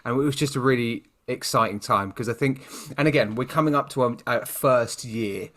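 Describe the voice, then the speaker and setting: British male podcast co-host, chatty, mid-pitched, direct to listener. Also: brisk, fairly bright tone. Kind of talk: casual chat.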